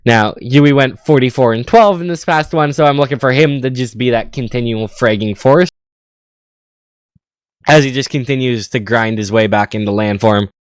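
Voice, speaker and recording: A man casting a live esports match, slightly hoarse, excitable and tripping over his words on a headset mic. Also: medium pitch, normal speed, no echo. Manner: excitable, stammering restarts. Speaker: esports caster.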